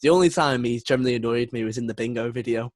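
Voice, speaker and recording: A man's voice: mid-range voice, very fast, dry recording. A young man, co-hosting a casual podcast chat in a chatty, enthusiastic way and laughing often. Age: young adult. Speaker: podcast co-host.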